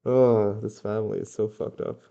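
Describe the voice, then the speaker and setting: A young man reading a novel aloud at an unhurried, halting pace, stopping to correct his slips and add casual asides. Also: lowish voice, flat delivery, vocal fry, warm tone. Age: young adult. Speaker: reader. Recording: dull lo-fi recording.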